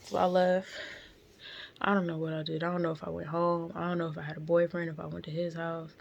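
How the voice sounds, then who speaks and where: A woman's voice: deep voice, monotone, fast talker, vocal fry, dull audio. A young woman telling a painful personal story in her car, candid and tearful, with lots of slang and fillers. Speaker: vlogger.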